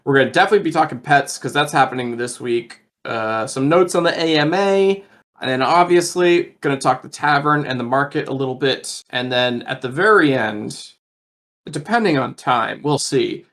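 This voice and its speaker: A man's voice: mid-range voice, lively intonation, moderate pace, fairly bright tone. A man co-hosting a casual podcast, running through the agenda with frequent fillers and restarts. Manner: hesitant, many fillers and restarts. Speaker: podcast co-host presenting the agenda.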